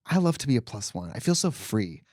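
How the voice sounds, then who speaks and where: A man's voice: mid-range voice, dry recording, studio quality. A man co-hosting a podcast, telling a long story in casual chat and briefly putting on voices for the people in it. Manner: animated storyteller, quick voices for quoted people, camp asides. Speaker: podcast co-host.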